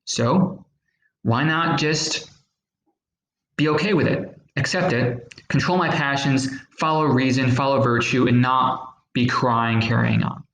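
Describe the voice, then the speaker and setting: A man's voice: medium pitch, fairly even intonation, unhurried, fairly bright tone, slight background noise. Man teaching a lesson in an echoey room. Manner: plain, patient explaining with fillers and acted-out examples. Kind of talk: recorded history lesson.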